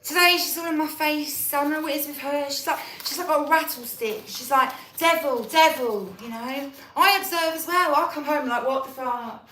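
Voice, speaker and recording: A woman's voice: sits high, brisk, hardly any pauses, bright, forceful tone, a little hiss or hum. Rambling, swearing woman, echoey. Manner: restless, swearing, jumps between topics. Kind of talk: rambling monologue. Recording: echoey room from far off.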